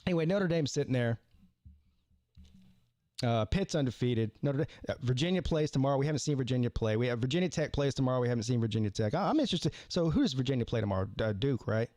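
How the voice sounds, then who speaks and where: A man's voice: mid-range voice, lively intonation, quick pace, a little mellow, dry recording. A man hosting a live sports call-in stream, rambling casually with stammered restarts and repeated words.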